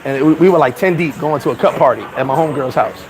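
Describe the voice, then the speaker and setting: A man's voice: fairly high pitch, fast, noisy background. A man, hosting and telling profane, laughing stories in casual chat. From New York. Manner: animated, profane, laughing storyteller. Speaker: host. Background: crowd chatter.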